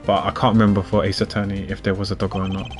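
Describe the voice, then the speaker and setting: A man's voice: low-pitched, little pitch movement, racing, soft background music. A man streaming a game, chatting casually with his viewers and thinking aloud as he plays. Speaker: gaming streamer. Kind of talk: casual gameplay commentary.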